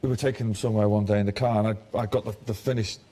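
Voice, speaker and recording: A man's voice: lowish voice, fairly even intonation, racing, mellow. A man, a musician giving casual interview answers in a blunt, sardonic way and swearing freely. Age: 40s. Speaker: musician guest.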